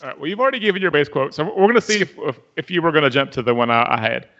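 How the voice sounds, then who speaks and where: A man hosting a podcast in casual chat, leading the segments with an animated delivery. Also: fairly high pitch, very fast. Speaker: podcast host. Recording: dull lo-fi recording.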